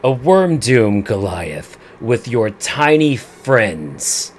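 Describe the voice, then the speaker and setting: A man's voice: mid-range voice, very animated, very slow, a little hiss or hum. A man voicing a proud, hostile male goliath warrior who sneers and scoffs in a tabletop game. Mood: scornful. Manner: sneering, scornful.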